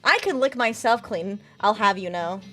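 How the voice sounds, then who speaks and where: A woman's voice: medium pitch, moderate pace, bright, forceful tone, soft background music. A young woman streaming, chatting casually with viewers, reading chat aloud and swearing freely. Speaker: VTuber streamer.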